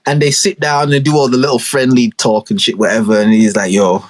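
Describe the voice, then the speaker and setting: A man's voice: medium pitch, a little fast. A man, a podcast co-host acting out a comic story in casual chat. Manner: animated storyteller acting out scenes.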